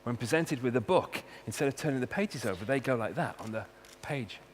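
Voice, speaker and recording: A man's voice: mid-range voice, expressive, brisk. A man with a Welsh accent, a university researcher giving a humorous talk and hitting key words with punchy emphasis. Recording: long hall reverb, faint hum.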